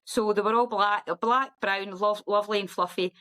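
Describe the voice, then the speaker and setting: A middle-aged woman, a guest on a podcast, telling a story in a lively, animated way and acting out other people's voices. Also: moderate pace, smooth, rough recording. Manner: lively, acts out quoted voices in a high sing-song. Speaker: guest ultra runner.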